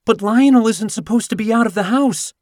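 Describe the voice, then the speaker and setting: A man voicing a frantic, gushing woman who owns a cat, with a high, drawn-out voice. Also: a little mellow, no echo, studio quality, natural voice. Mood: pleading.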